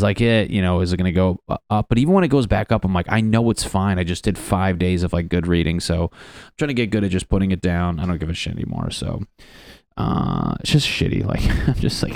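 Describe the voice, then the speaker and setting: A man's voice: deep voice, vocal fry, a little mellow, no room sound, studio quality. A young man talking casually to his viewers, rambling, swearing freely and poking fun at himself. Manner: rambling, profane, self-deprecating. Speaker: vlogger. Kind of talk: casual personal talk to camera.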